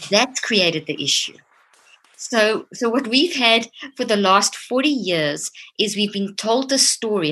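A woman's voice: medium pitch, sharp tone, slightly rough. A woman giving an impassioned, explanatory talk, emphatic and earnest, often repeating words as she builds a point, speaking outdoors. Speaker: speaker on mind and mental health. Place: outdoors near a tree.

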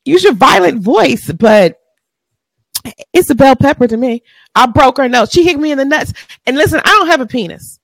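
A woman's voice: high-pitched, expressive, normal speed, vocal fry, dry recording. A woman, co-hosting a podcast, ranting bluntly and with profanity in casual chat. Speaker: podcast co-host.

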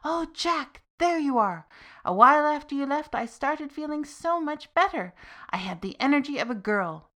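An elderly widowed mother, anxious and bossy, in a lifted, higher voice, put on by a woman reading the tale. She gives orders and frets aloud. This is a spoken folk tale for a podcast. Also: animated, normal speed, pushed and bright. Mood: cheerful. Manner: raised, fretful, commanding. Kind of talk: storytelling podcast.

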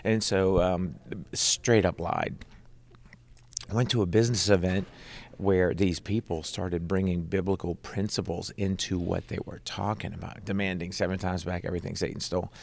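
Deep gravelly man telling his story. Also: normal speed, a little hiss or hum. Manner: animated, conversational, leans on "right?". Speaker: guest, Christian rock musician. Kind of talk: personal testimony storytelling.

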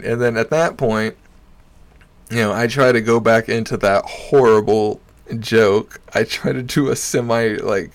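A man's voice: mid-range voice, unhurried. A man in a mid-range voice recounts a night out in a loose, rambling way. He swears freely, piles on fillers, and breaks into laughter as he talks. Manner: profane and rambling, full of fillers; animated, laughing while he recounts. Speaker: amateur stand-up comic. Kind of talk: casual anecdote telling.

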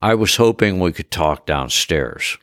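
A jealous wife, bitter and sarcastic in every reply. A man with a very low voice plays her. Dry, close sound. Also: expressive, measured pace, fairly bright tone, no echo. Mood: irritated sarcastic.

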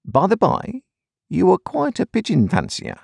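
Wry law clerk with quick sly asides, put on by a man, pitched up, dry recording. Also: huge pitch swings, gravelly, a little mellow, slightly rough, no echo, full character voice. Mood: jaunty.

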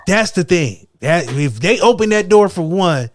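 A man's voice: sits high, animated, unhurried, no room sound, studio quality. A man co-hosting a podcast in casual chat, blunt, profane and joking.

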